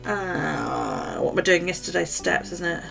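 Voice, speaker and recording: Middle-aged british woman chatting to camera, lowish gravelly voice, a bit of music behind. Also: animated, measured pace. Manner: chatty, gossipy storytelling, swears freely. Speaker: vlogger. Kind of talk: casual chat to camera.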